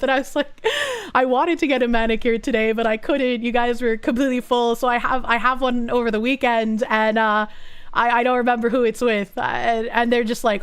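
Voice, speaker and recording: A woman with a high voice chats casually on stream and tells a long story. Her talk is loose and rambling and full of "like" and restarts. She swears freely throughout. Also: flat delivery, fairly quick, smooth. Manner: rambling and profane, full of fillers like "like".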